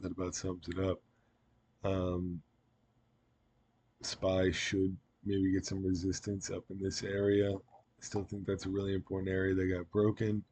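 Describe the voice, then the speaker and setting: A man's voice: deep voice, dark tone, breathy edge. A man giving casual trading chart commentary, rambling with many fillers and restarts. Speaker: market analyst.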